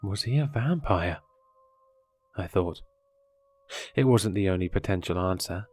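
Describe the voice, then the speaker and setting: A man reads a horror story aloud in a measured, dramatic way. His voice sits low, and faint music plays underneath. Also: lively intonation, darkish tone, no room sound. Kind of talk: scripted horror story narration.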